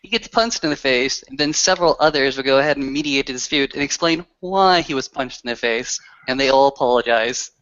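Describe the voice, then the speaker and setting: A man chatting casually during a tabletop game, adding quick joking asides. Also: medium pitch, fairly bright tone, highs cut off. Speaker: tabletop player.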